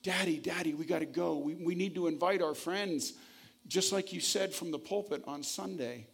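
A man's voice: on the high side, normal speed, creaky, breathy edge. A man doing an eager pleading little boy. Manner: urgent, pleading.

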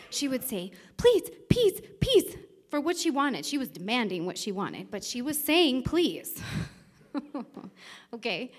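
A woman, a mother, sharing a sermon and teaching with playful family stories. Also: on the high side. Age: adult parent. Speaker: co-speaker in sermon, reading points.

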